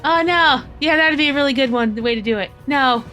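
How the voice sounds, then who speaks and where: A woman's voice: high voice, a little fast, bright, forceful tone, soft background music. A woman playing a tabletop role-playing game, talking hesitantly and playfully with fillers. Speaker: player.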